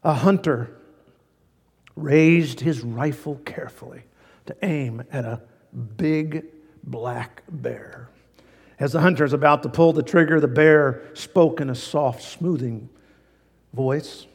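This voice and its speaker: A male pastor preaches with a folksy, fervent delivery and keeps repeating his key phrases. His voice sits somewhat high for a man. A long reverb from a big church sanctuary trails every word. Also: unhurried. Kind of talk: sermon.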